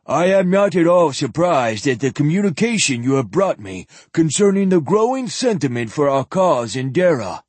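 A man's voice: sing-song, normal speed, hardly any pauses, a little mellow, breathy edge, no room sound. A man voicing a sly, lisping elderly male zealot priest in a storybook reading. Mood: unctuous. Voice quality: lisping, high and unctuous.

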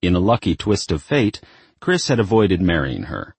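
Deep, husky male audiobook narrator. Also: sing-song, moderate pace, no room sound.

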